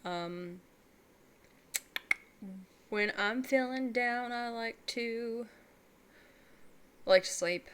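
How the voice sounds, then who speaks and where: A woman's voice: fairly high pitch, very slow, long pauses, clear, resonant tone. A young adult woman vlogging alone in casual, rambling, candid chat, laughing often and calling herself weird.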